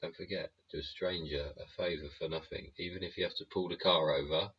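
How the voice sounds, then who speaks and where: A man's voice: sits low, fairly even intonation, brisk, dull audio, a little hiss or hum. A man hosting a live stream, ranting bluntly and rambling with plenty of swearing. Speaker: livestream host.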